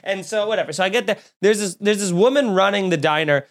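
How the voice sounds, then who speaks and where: A man's voice: sits high, quick pace. A man casually telling funny, profane stories about a trip as a podcast host. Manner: animated, profane, jokey anecdotes. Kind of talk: casual storytelling.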